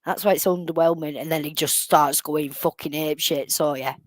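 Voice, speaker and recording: A chatty woman hosts a live stream, commenting on clips with sarcastic asides. Her voice sits a little low and sounds close and dry, with no room around it. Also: fairly even intonation, fairly quick, no room sound. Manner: chatty, sarcastic, laughs often. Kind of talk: casual commentary over clips.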